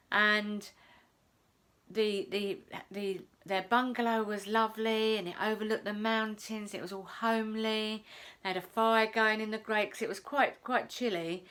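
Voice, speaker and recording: A woman's voice: mid-range voice, fairly bright tone. A middle-aged woman from the north of England, telling a personal story to camera in a chatty way, often repeating phrases. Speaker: self-help vlogger.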